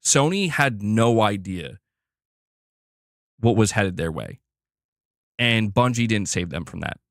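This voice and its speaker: A man's voice: lowish voice, lively intonation, slow pace, no room sound, studio quality. A man giving blunt, opinionated commentary on gaming news, emphatic and repeating himself as he pushes his point.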